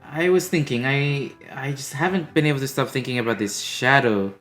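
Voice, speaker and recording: A man voicing a worried, guilt-ridden woman adventurer in a tabletop game, speaking haltingly with many restarts. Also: mid-range voice, fairly bright tone, faint music behind, lightly acted. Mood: worried, guilty.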